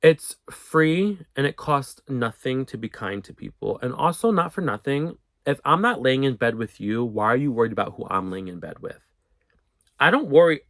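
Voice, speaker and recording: Animated young man telling a storytime. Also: medium pitch, normal speed, dry recording. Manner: animated, profane, acts out quotes. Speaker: storyteller vlogger. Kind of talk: casual storytime monologue.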